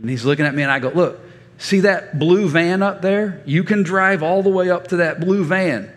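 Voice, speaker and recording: A man in his fifties preaching a sermon as a folksy storyteller, animated and given to stammered restarts. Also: sits high, normal speed. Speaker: pastor. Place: church sanctuary. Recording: reverberant church hall.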